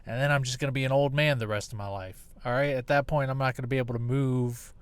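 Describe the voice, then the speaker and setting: A man's voice: mid-range voice, steady tone, fast talker, clear, resonant tone, dry recording. A man in his thirties hosting a casual solo podcast, rambling and swearing freely. He speaks close into a handheld recorder with no windscreen, so the sound is hot and poppy. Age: 30s. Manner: rambling, profane, jokey. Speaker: podcast host. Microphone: close to a handheld recorder without a windscreen, hot and poppy.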